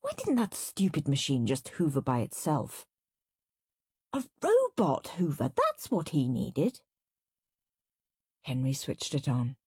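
A woman reading a children's storybook aloud, narrating with expressive, animated delivery. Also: low voice, slow, long pauses, husky, dry recording, clean studio sound.

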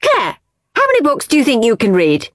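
A woman voicing a stern, sharp-tongued female schoolteacher who snaps and bellows at her class. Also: huge pitch swings, brisk, no room sound, clean studio sound. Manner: snapping, high and loud when bellowing.

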